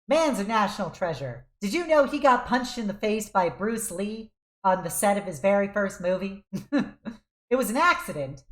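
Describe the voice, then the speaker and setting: Lively young woman streamer, echoey room. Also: mid-range voice, moderate pace. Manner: rambling, animated, laughs often. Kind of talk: casual chat while gaming. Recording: roomy echo.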